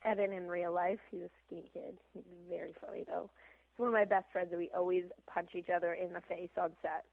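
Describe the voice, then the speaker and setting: A young actress talks on a podcast with a gravelly edge to her mid-range voice. She rambles, full of "like" and "um". The sound is tinny and dry, as over a phone line. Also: fairly low pitch, little pitch movement, fast, no room sound. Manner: rambling, lots of fillers and likes. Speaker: actress guest. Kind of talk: casual podcast interview.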